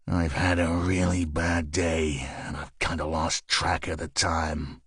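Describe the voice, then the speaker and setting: A man doing a gruff sarcastic detective. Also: extremely low pitch, flat delivery, slow pace, fairly bright tone, no room sound, studio quality, pitched below the performer's own voice, exaggerated voice. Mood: blunt. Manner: curt, sarcastic questioning. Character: gruff injured male detective, blunt and sarcastic.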